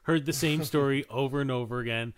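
A man co-hosting a podcast in relaxed casual chat, laughing often and using many fillers. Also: medium pitch, fast, clean tone. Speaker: podcast co-host.

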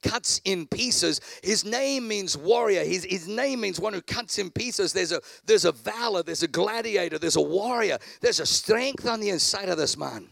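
Gravelly high-voiced preacher, dramatic swings. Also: male voice, animated, normal speed, hardly any pauses, no echo. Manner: dramatic, swings from shouting to low asides, acts out characters. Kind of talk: sermon.

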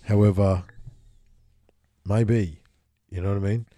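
Deep, dark-toned man reading aloud. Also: steady tone, no room sound. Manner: reads archaic text with solemn drawn-out emphasis, then chats loosely. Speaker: podcast host reading aloud. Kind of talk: casual chat with dramatic reading.

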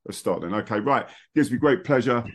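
A man's voice: mid-range voice, animated, brisk. A middle-aged man, hosting a casual football podcast, chatty and rambling. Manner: chatty, rambling, laughs easily. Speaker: podcast host. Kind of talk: casual chat among friends.

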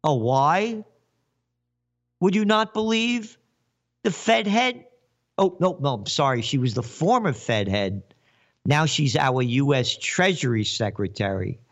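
A man delivers a slow, sarcastic rant, his voice swooping up and down as he mocks his targets. He sits a little high for a man and plays with words as he goes. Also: sing-song, lo-fi sound. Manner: sarcastic, mocking, wordplay. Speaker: host. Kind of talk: ranting commentary.

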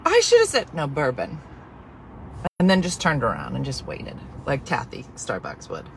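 A woman livestreams a rant in a casual, exasperated way. Her pitch swings widely from low muttered asides up to high, incredulous outbursts. A faint car hum sits under her voice. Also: moderate pace, vocal fry. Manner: exasperated, animated, jumps between whispered asides and loud outbursts. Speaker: live streamer.

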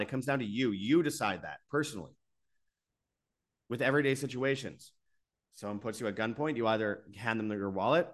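On his own alternative media channel, a man with a mid-range, fairly bright voice delivers a monologue full of exasperation and repetition, rising again and again into bursts. He then reads out sponsor spots.

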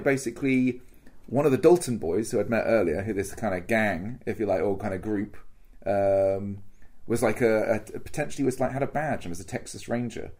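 A man's voice: fairly low pitch, mellow. Rambling man full of "like" fillers. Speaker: podcast co-host. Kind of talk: casual chat.

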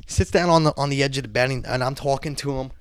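A man telling a story in casual talk, animated and swearing often, acting out other people's voices. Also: medium pitch, fast, clean tone, no room sound.

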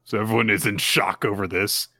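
Podcast co-host, male, chatty recapper who acts out characters' lines, bright voice. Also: on the low side, steady tone, brisk. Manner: restarts and fillers. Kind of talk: casual chat recapping manga chapters.

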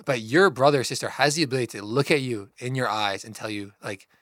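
A man's voice: mid-range voice, quick pace, fairly bright tone, no echo, clean studio sound. A man co-hosting a church podcast, talking earnestly and encouragingly in a casual way, with many "like"s. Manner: earnest, encouraging, says "like" often. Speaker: podcast co-host.

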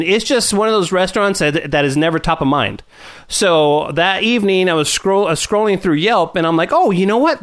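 A man's voice: sits high, a bit bright. A man in his thirties co-hosting a casual podcast, telling rambling stories full of fillers and laughing often. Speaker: podcast co-host. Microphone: remote call mic.

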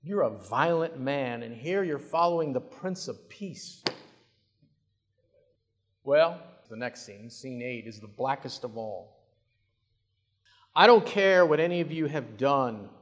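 A male preacher delivering a sermon, telling the story dramatically and swinging between hushed and loud passages. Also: mid-range voice, expressive, slow, long pauses. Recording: long hall reverb.

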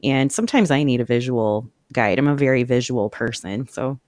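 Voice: mid-range voice, lively intonation, normal speed, a little mellow, no room sound, clean studio sound. A host in casual chat, talking in a chatty, rambling way and telling stories with animation.

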